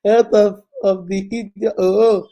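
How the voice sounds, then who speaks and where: A Nigerian woman in her fifties hosting a casual livestream advice talk. She is animated and scolding, and mixes in pidgin and Igbo phrases. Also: medium pitch, a little slow. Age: 50s. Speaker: host.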